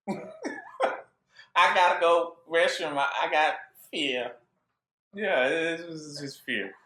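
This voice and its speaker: Lively high-voiced man preaching. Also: extremely slow, long pauses, echoey room. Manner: call-and-response questions, joking, laughing. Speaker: bible teacher. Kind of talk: informal sermon.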